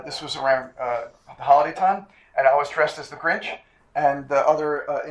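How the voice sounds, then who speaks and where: Emphatic older man lecturing in echoey room. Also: mid-range voice. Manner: emphatic, repeats points, clears throat often. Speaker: chiropractic instructor. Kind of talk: classroom lecture. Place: classroom.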